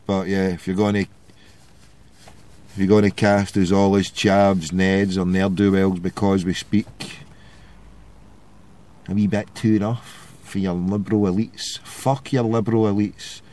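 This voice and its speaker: A man's voice: low-pitched, level tone, takes it slowly, a little mellow. A Glaswegian man hosting a call-in show, ranting with sarcasm and heavy swearing. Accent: Glasgow Scottish. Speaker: radio show host. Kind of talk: ranting opinion monologue.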